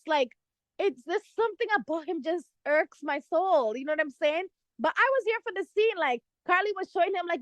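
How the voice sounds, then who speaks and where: High-pitched chatty young woman, dry sound. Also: dry recording. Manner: chatty, animated, many "like" and "you know" fillers, laughs. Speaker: podcast host. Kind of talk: casual reality-TV commentary.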